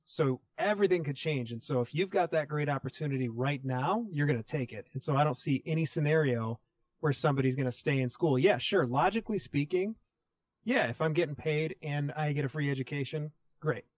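Higher-voiced direct podcast co-host. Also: male voice, brisk, no room sound. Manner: direct, reasons step by step. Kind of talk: casual sports podcast chat.

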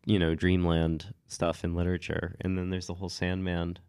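A man co-hosting a podcast with a cold, telling stories in a relaxed chatty way with lots of "like" and small laughs. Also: sits low, moderate pace, smooth, no room sound, clean studio sound. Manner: relaxed storytelling with frequent "like" and laughs. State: has a cold. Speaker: podcast co-host. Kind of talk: casual chat.

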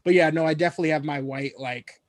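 A man hosting a casual podcast conversation, talking in an animated, emphatic and joking way. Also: fairly high pitch, fast talker, no echo. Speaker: podcast host.

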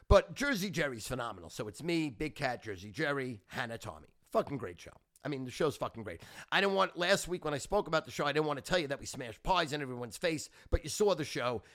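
Brief: middle-aged male podcast host, brash and profane, bright voice with lively swings in pitch. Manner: brash, profane, boastful and excitable. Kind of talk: casual storytelling monologue.

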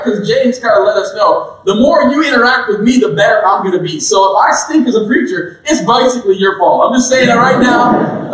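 A high-voiced man preaching a casual sermon in a chatty, joking way, full of fillers and asides to the listeners. His voice rings in a roomy church hall and sounds a bit distant from the mic. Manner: chatty, joking, lots of "like" and "all right?".

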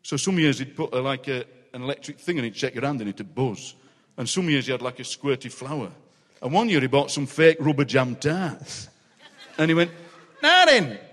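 A man in his sixties with a Yorkshire accent, telling animated, laughing anecdotes as the guest poet of a live interview. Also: medium pitch, fairly quick. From Yorkshire, England. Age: 60s. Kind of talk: comic storytelling in a live interview. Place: large city hall, live audience. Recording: reverberant hall.

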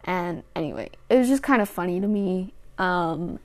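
A woman's voice: on the low side, lively intonation, moderate pace, a little mellow. A young woman hosting her own podcast, telling a rambling personal story in a casual, chatty way with lots of restarts. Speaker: podcast host.

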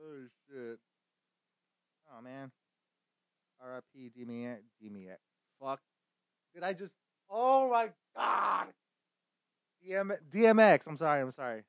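A man rambles and swears through a casual game stream, now and then yelling mock insults at the screen. He talks slowly in a somewhat high voice. The sound is dry and close. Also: animated, no echo. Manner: profane, rambling, laughs at own jokes; bursts into loud shouted insults. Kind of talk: casual gaming stream chatter.

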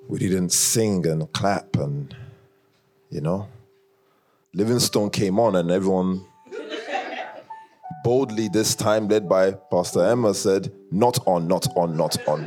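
A man with an African accent leading a church leadership class, talking casually and teasing the congregation with lots of laughter. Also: deep voice. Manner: animated, teasing, often laughing, chats with the audience. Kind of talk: casual joking talk to a congregation.

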